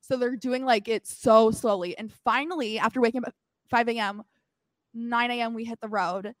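Animated young woman telling a story. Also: on the high side, moderate pace, no room sound. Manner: animated storytelling, acts out quotes loudly; heavy use of "like". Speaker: podcast co-host. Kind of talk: casual chat.

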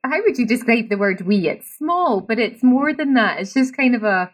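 A woman's voice: fairly high pitch, lively intonation, moderate pace. A woman with a Scottish accent hosting an interview, keen and encouraging as she asks open questions. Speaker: interview host. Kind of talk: conversational interview.

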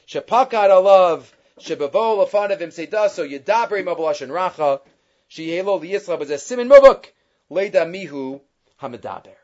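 High-voiced man teaching a Torah class. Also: lively intonation, moderate pace, darkish tone, highs cut off. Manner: mixes Hebrew and English, quoting and explaining texts. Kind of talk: Torah class on the weekly portion.

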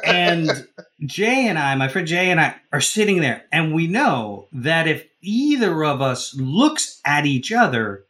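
A man's voice: on the high side, big pitch swings, measured pace, fairly bright tone. A man, co-host of a podcast, telling a funny story in casual chat with many fillers and restarts.

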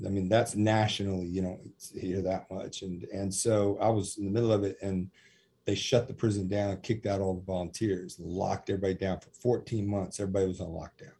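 Animated man telling stories, dark husky voice. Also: low-pitched, a little fast. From USA. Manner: animated storyteller, acts out quotes with laughs. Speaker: prison minister. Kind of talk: storytelling in a podcast interview.

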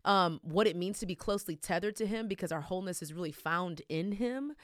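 A woman with a Texan accent hosting a faith podcast, talking in a loud, energetic and emotional way. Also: on the low side, a little fast, dry recording, studio quality. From Texas. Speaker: podcast host. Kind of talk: casual podcast chat.

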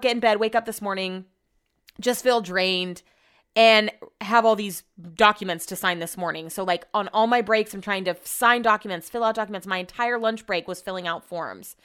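A woman's voice: mid-range voice, fairly bright tone, smooth. A young woman venting casually in a vlog, exasperated and ranting, swearing freely. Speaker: vlogger.

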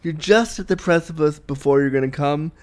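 A man's voice: fairly high pitch, a little fast, a little mellow, clear, resonant tone. A man hosting a casual solo podcast, talking candidly and bawdily in a rambling way with restarts and giggles. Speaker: podcast host.

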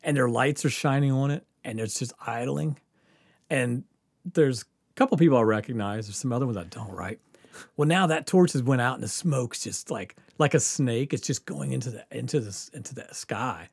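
A man's voice: medium pitch, moderate pace, vocal fry, slightly rough, no room sound, studio quality. A man hosting a podcast, telling a story casually with lots of laughter and acted-out quotes. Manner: animated, laughing often, acts out quotes. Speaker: podcast host.

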